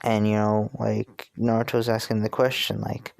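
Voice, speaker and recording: A man's voice: lowish voice, monotone, moderate pace, creaky, hardly any pauses, a little mellow, no echo, studio quality. A man with a New Jersey accent telling a fan story in a rambling, casual way with many restarts. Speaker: video creator.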